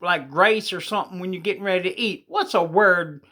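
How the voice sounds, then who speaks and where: A man putting on a showy male church preacher, speaking loudly in a raised voice. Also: brisk. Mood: solemn. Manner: loud, high preaching voice.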